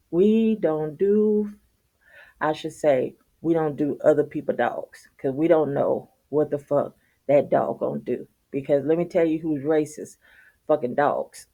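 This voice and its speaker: Blunt, profane woman ranting, low and mellow. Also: lo-fi sound. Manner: blunt, profane, laughing, repeats "okay?". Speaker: vlogger. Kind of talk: casual storytime rant.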